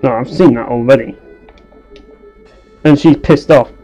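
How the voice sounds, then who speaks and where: A man's voice: mid-range voice, unhurried, warm tone, slightly rough, dull audio, faint music behind. A young man giving sarcastic, sweary commentary while playing a game. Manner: ranting, swears a lot, sarcastic. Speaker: let's play commentator. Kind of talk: casual gameplay commentary.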